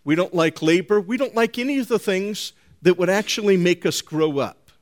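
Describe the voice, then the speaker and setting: A man's voice: high-pitched, normal speed. A man preaching a sermon, speaking to his congregation with folksy, teasing asides. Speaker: pastor.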